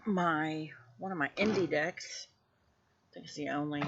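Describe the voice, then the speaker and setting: A woman gushing over her tarot cards in a casual vlog, her bright, sharp voice carrying a gravelly fry. She piles on effusive praise and now and then drops to a hush. The recording sounds a little dull and lo-fi. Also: sits low, a little slow. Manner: drops to a hushed voice at times. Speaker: tarot deck reviewer. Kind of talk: casual show-and-tell vlog.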